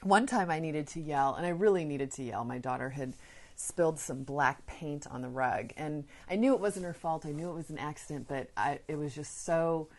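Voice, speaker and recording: Woman podcast host with a low voice, earnest and chatty, giving parenting tips. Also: moderate pace, darkish tone. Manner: earnest, conversational, shares personal anecdotes. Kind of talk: casual advice talk.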